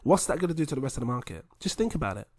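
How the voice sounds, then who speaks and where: A man hosting a video, talking viewers through charts in a chatty, animated way. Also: mid-range voice, rapid-fire, no echo. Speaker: crypto video host. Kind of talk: casual chart commentary to viewers.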